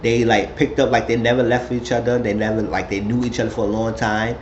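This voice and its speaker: A man tells the story of a reality episode in a loose, gossipy way. His voice sits at an ordinary pitch. The recording sounds roomy and a bit dull, with a faint hiss underneath. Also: little pitch movement, a little fast. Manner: chatty storytelling, puts on high voices quoting people. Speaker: recap vlogger. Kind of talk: casual reality-show recap.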